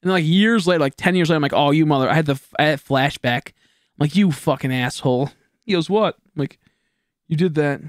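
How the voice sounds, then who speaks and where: A man's voice: a little high, a little fast, no echo, studio quality. A young man streaming a video game, chatting casually with viewers in a rambling, profane, joking way. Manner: jokey, goofing with chat.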